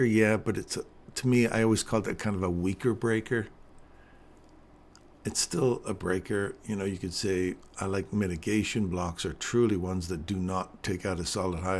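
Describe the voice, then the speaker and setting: Low-voiced man with a groggy morning voice. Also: a little hiss or hum. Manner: casual, explanatory, joking, keeps asking "right?". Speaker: trading stream host. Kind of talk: live trading commentary.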